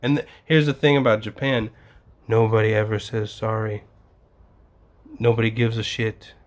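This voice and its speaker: A man's voice: fairly low pitch, flat delivery, normal speed. A young man telling stories in a casual vlog, ranting and swearing freely as he gets exasperated. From United States. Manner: profane, exasperated storytelling. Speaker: vlogger.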